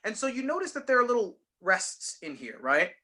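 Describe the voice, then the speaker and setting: Guy teaching singing, bright voice, talks it through patiently and sings bits to show. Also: high voice, big pitch swings, brisk. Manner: patient, explanatory, demonstrates by speaking and singing lines. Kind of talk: voice lesson.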